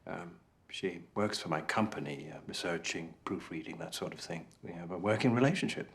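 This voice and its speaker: An actor playing a composed, cunning middle-aged male author who speaks in a measured, formal and coolly polite way in a courtroom film drama. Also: deep voice. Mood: calm. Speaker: crime novelist on trial.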